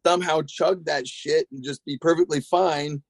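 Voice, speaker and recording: A man's voice: a little high, steady tone, moderate pace, creaky, dry recording. A man telling rambling, profane stories as a guest in a casual chat. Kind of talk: casual storytelling.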